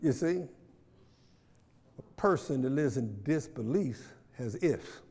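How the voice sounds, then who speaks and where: A man's voice: medium pitch, expressive, slow pace, dark tone, slightly rough, big-room sound. A man leading a Bible study in church, moving from plain talk to fervent preaching, often asking the room questions and repeating phrases. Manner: builds from conversational to fervent preaching. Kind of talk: church teaching with call and response.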